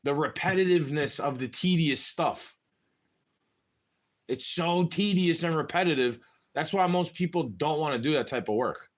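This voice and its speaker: A man's voice: a little high, normal speed. A young man venting in a rambling, casual monologue to camera, frustrated and full of slang. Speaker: vlogger.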